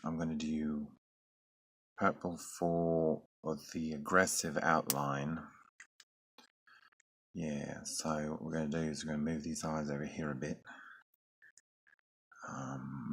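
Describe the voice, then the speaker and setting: A man's voice: rumbling low, a bit bright, husky. A man chatting casually as he draws, rambling and musing to himself with joking, self-deprecating asides. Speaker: artist drawing on camera. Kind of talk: casual drawing commentary.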